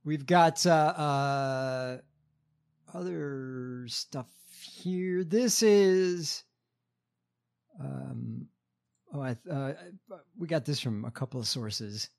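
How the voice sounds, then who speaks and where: A man's voice: medium pitch, drawn-out words, creaky, darkish tone. Hesitant man reading headlines. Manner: hesitant, lots of ums. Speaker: podcast co-host reading news. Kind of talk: casual chat, reading headlines.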